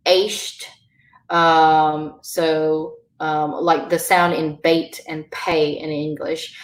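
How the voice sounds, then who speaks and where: Slow, low-pitched woman teaching. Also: roomy sound. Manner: slow, halting, many fillers. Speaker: Irish language teacher. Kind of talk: online beginner language lesson.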